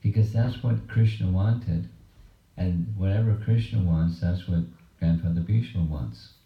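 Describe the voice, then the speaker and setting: A low-voiced man leads a scripture class in a home, unhurried and halting as he tells the story. He sounds distant from the mic, with a roomy echo and a dull, muffled recording. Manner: slow, measured, halting phrasing. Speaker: monk giving a scripture class. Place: home program room.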